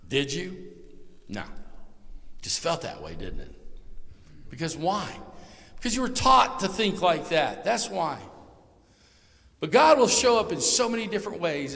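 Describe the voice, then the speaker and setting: A man preaching a live sermon with a gravelly, somewhat high voice that swings widely in pitch and volume. He talks to the congregation in a folksy, direct way. The sound carries a long reverb from a large hall. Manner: preaches with sudden swings from hushed to loud.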